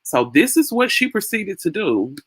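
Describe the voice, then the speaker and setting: A woman's voice: mid-range voice, very animated, normal speed, heavy background noise. A woman hosting her own channel, giving casual spoken commentary on a video clip and often repeating words as she thinks aloud.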